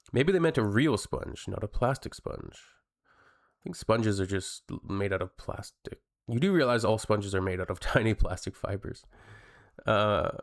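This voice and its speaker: A man's voice: fairly low pitch, creaky. A man from Canada giving casual, blunt reaction commentary and talking straight to his viewers. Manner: blunt, chatty, addresses viewers. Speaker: reaction video host.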